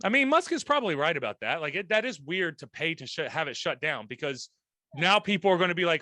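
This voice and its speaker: High bright-voiced man in casual chat. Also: fairly quick, dry recording. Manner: animated, swearing, laughing. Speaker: podcast co-host.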